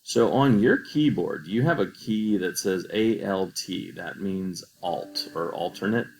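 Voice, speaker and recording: A man's voice: low-pitched, lively intonation, measured pace, vocal fry, low-quality recording. A man teaching a coding tutorial over a screen recording, patient and explaining each step.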